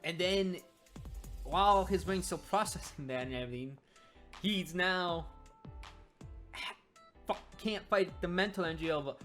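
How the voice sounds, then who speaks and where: Excitable low-voiced woman reviewing a comic. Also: normal speed, soft background music. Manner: excitable, rambling, many restarts. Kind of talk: casual reaction commentary.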